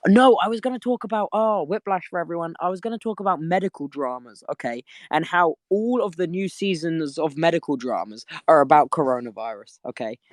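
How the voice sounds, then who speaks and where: A man's voice: fairly high pitch, dry recording, studio quality. Tired, rambling young Englishman. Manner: rambling storyteller, laughing, many restarts. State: tired from little sleep. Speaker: host. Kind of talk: casual chat on a live audio stream. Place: sitting in bed at home.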